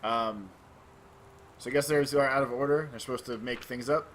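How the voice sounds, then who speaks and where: A man's voice: mid-range voice, moderate pace, a bit bright, slight background noise. A man hosting a let's play, giving casual gameplay commentary with joking, offhand asides.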